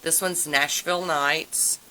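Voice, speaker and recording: A woman talks slowly in a low, bright voice, gushing over each item with drawn-out exclamations. She sounds like a casual home video vlogger, with faint room ambience behind her. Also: fairly even intonation, a little hiss or hum, low-quality recording. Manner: chatty and enthusiastic, drawn-out exclamations. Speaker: nail polish vlogger. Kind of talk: casual haul video chat.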